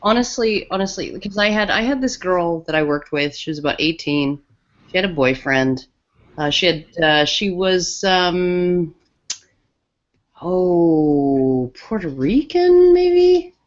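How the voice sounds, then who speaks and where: A woman's voice: fairly low pitch, expressive, takes it slowly. A woman co-hosting a podcast, telling a story in a casual, rambling way with many restarts. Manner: rambling, lots of restarts and fillers. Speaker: podcast co-host. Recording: dull lo-fi audio.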